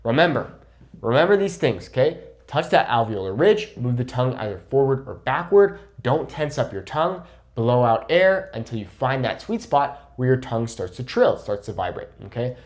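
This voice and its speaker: Patient man with a lively voice. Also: mid-range voice, moderate pace. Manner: patient, checks in with frequent "okay?". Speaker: Spanish teacher. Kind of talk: online language lesson.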